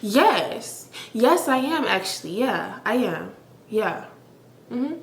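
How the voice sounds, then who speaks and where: A woman's voice: on the high side, very animated, takes it slowly, creaky. A woman telling a personal story to her viewers, blunt and frank, with lots of "like" in her talk. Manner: blunt, frank, heavy use of "like". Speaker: storytime vlogger. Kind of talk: casual storytelling to camera. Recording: roomy echo, faint background noise.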